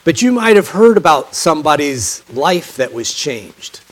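A man preaching a sermon, telling a personal story in a folksy way, often dropping to a quiet low voice and rising when he stresses a point. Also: very animated, a little slow, low-quality recording.

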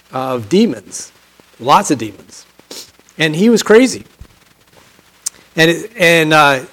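A man gives a homespun sermon, weaving a personal story into a Bible reading. His voice sits a little high for a man, and he often sinks to a soft, low murmur before climbing again to press a point home. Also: rough recording. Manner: folksy storytelling, often drops to a quiet low voice, rises when stressing a point. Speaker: preacher.

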